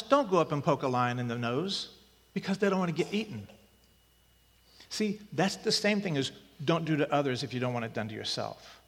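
High-voiced preacher in a reverberant hall. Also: male voice, a bit bright. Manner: conversational preaching, rising to emphatic repetition. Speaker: pastor. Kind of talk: sermon.

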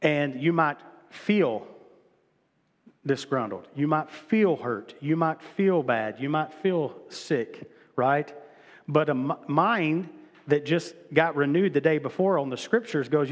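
A man's voice: on the high side, lively intonation, takes it slowly, long reverb tail. A middle-aged male pastor preaching a sermon in a casual, conversational way, often repeating himself and restarting phrases. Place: church sanctuary.

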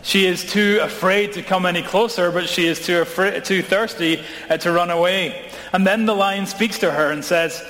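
A man delivers a sermon in a church sanctuary with a voice a little higher than most. He tells the story in a measured way and slows down to stress key lines. The sound rings with a long, roomy echo. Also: a bit bright. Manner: measured storytelling, slowing for emphasis. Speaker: preacher. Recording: echoey hall, voice from some distance.

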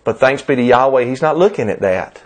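A man's voice: mid-range voice, lively intonation, a little fast. Older man, Southern US accent, pastor giving a sermon, emphatic and repetitive cadence. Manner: emphatic, repetitive preaching cadence with rising stresses.

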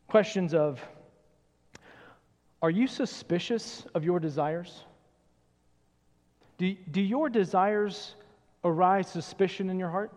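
A man preaches a sermon in a fairly high voice, earnest and searching as he puts question after question to the congregation. His words ring out with the long reverb of a church hall. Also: darkish tone. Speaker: pastor.

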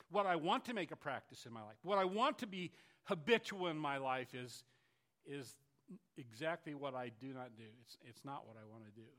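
A man's voice: a little high, a bit bright. A male pastor preaching a sermon in an earnest, confessional way, often restarting his sentences.

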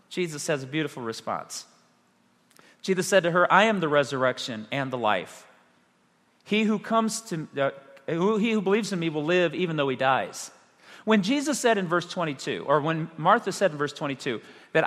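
Male pastor, animated sermon delivery with dramatic pauses; long hall reverb. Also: on the high side. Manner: animated preaching with rhetorical questions and dramatic pauses.

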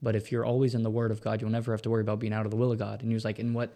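A man's voice: lowish voice, completely flat delivery, warm tone. A young man, a guest on an interview, chatting in a casual way. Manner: quick and chatty.

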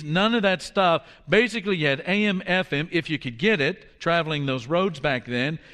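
Man preaching a sermon, somewhat high voice, storytelling, drops to a hush for quotes. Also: big-room sound. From Washington, D.C. area. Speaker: pastor.

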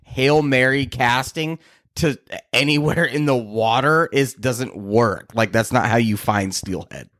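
A man's voice: mid-range voice, a little slow, fairly bright tone. A man co-hosting a casual podcast, teasing and laughing often, explaining things earnestly. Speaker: podcast co-host. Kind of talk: casual chat.

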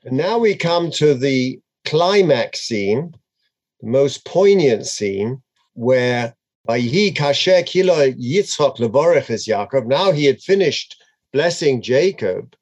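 Animated man chanting and explaining scripture. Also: medium pitch, slow, dull audio. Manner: chants Hebrew verses then translates, dramatic and expressive. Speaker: Torah teacher. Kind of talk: animated text study lesson.

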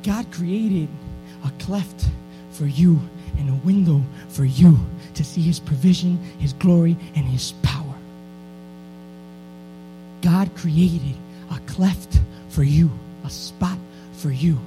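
A male preacher with a notably high voice delivers an impassioned sermon, swinging from steady teaching to loud, urgent calls. Faint music plays softly beneath his words. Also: slow pace, low-quality recording. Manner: preaching with rising intensity into shouted exhortation.

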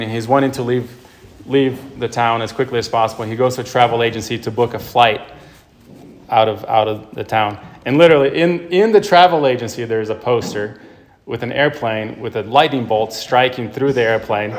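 A male priest delivering a sermon to his congregation. He retells a story with emphatic, storytelling energy in an ordinary middle-pitched voice. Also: steady tone, fairly quick, a little hiss or hum.

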